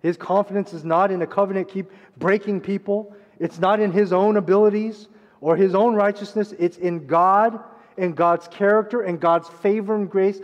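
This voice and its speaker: A pastor preaching a sermon, swinging between loud urgent passages and hushed quiet ones. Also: male voice, high voice, steady tone, moderate pace, highs cut off. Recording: long reverb of a large hall.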